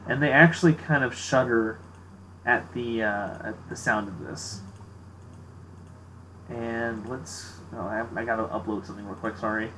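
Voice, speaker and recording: A man's voice: medium pitch, steady tone, unhurried, noisy background. A man narrating as game master, casual and full of fillers, chatting between scenes. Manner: casual, filler-heavy, laughs easily.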